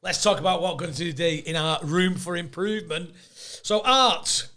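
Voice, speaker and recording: A man in his fifties hosting a podcast, chatty and quick to laugh as he tells stories. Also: sits high, pushed and bright. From England. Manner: chatty storyteller, laughs often. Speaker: podcast host. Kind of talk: casual chat.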